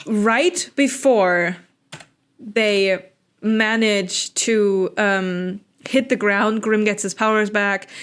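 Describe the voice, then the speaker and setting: A woman co-hosting a podcast, recapping a book plot in casual chat and quickly acting out the characters' lines. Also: mid-range voice, clean tone. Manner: animated, acts out characters' lines in quick asides, laughs often. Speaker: podcast co-host.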